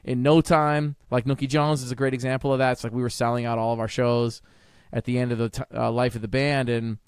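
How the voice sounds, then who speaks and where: A man chatting as a guest in an interview, enthusiastic, talking in quick bursts and jumping up in pitch on the words he stresses. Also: flat delivery, darkish tone, smooth, dry recording, studio quality. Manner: enthusiastic, jumps up in pitch on emphasis; talks in quick bursts with restarts. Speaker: podcast guest, jazz trumpeter and educator. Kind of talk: casual interview conversation.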